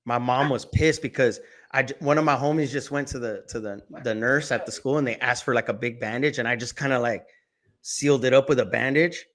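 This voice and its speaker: Man, guest on a talk podcast, slangy and relaxed, mid-pitched voice. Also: brisk. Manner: laid-back, slangy, animated when acting out quotes. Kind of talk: casual storytelling.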